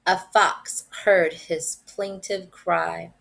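Woman, first grade teacher, storybook read-aloud, slow, lively pitch. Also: creaky. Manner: animated, expressive storytelling. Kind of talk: reading a picture book aloud.

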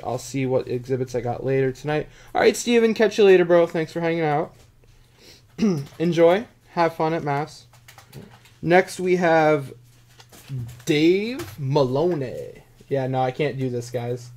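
A man's voice: fairly high pitch, animated, moderate pace, darkish tone. A man hosting a live card-breaking stream in casual, self-mocking chat with a dry throat. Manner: joking, self-mocking, chatty.

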